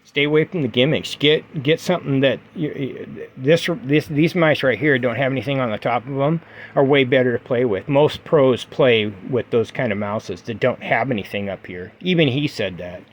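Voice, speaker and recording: A man's voice: medium pitch, moderate pace. Emphatic middle-aged man ranting casually. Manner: emphatic, repetitive advice-giving with fillers. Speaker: gaming vlogger. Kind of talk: casual vlog talk to camera.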